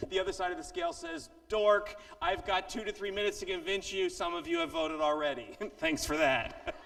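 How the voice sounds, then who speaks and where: A man's voice: high-pitched, vocal fry, bright, forceful tone, recorded from a distance. Playful man speaking in an echoey hall. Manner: playful, self-mocking, quick delivery. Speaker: motivational speaker. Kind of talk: keynote speech with audience participation.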